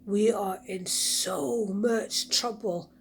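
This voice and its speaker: A woman's voice: medium pitch, fairly even intonation, drawn-out words, vocal fry, breathy edge, full character voice. A woman voicing bossy older sisters who scold and fret in a storybook reading. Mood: alarmed. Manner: scolding, alarmed.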